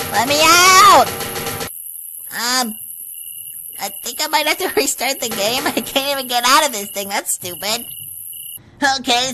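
A young woman with a slightly high voice hosts a let's play for her gaming channel, narrating her exploration and shrieking when startled, which happens easily. Background noise is present, including faint game music.

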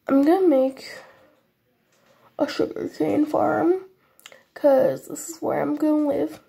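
A woman's voice: sits high, mellow. A woman giving casual, apologetic commentary on her Minecraft game for viewers. She is sniffly after a cold and speaks in a vague put-on foreign accent. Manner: chatty, apologetic, talks to viewers while playing. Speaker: gaming channel host.

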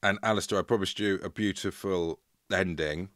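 Male podcast host, low voice, dry close mic, playful storyteller. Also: normal speed, no echo. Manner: playful, jokey, lively retelling. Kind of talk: casual comedic storytelling chat.

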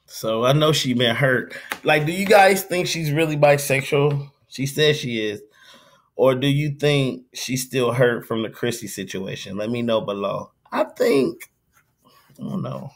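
A man's voice: mid-range voice, moderate pace, creaky. A man hosting a reaction video, talking casually and slangily straight to his viewers. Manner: laid-back, slangy, talks straight to viewers.

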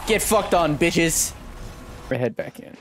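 An excitable young man streams a game from home, his voice highish and swinging wildly up and down. He trash-talks the enemies with lots of swearing and speaks unhurriedly between outbursts. A faint hum of room noise sits behind him. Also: takes it slowly. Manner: excitable, profane trash-talk. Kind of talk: let's play commentary.

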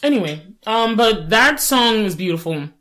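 A woman in her late twenties, co-hosting a podcast in casual chat, animated, with playful asides and frequent laughter. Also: mid-range voice, normal speed. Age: 20s. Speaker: podcast co-host.

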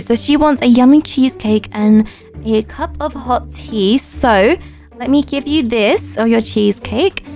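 High, excitable woman gamer. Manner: chatty, excitable, with gasps and playful asides. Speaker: YouTuber. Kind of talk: roleplay gameplay commentary.

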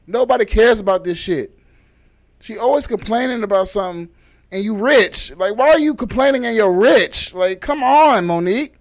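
An exasperated man rants for comedy. His voice sits high and jumps all over, from muttered asides to sudden yelled demands to be quiet. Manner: exasperated, repeatedly yelling for someone to shut up. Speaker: comedy vlogger. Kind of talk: comedic rant.

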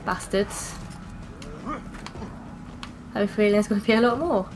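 A woman's voice: mid-range voice, moderate pace, noisy background. A young woman commenting on her game as she plays, swearing freely and reacting bluntly to the action. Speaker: gaming streamer. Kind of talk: gameplay commentary.

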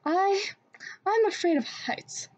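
A woman's voice: very high voice, animated, slow pace, a little mellow, voice pushed up, heavily acted. A woman reading a storybook, voicing a timid, nervous young boy who speaks shakily and hesitantly. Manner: shaky and hesitant. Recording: dull lo-fi recording.

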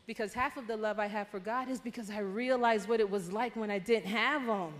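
A woman from Panama giving a lively, conversational testimony at a women's conference, with sudden excited outbursts. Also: medium pitch, brisk, slight background noise. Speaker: conference speaker. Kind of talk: testimony talk. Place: large church hall. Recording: hall reverb.

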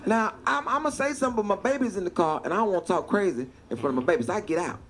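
A man doing stand-up comedy, telling a long story with animated delivery and laughter. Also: high-pitched, very fast, a crowd in the background. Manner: animated, laughing through punchlines. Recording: noisy stand-up clip played back.

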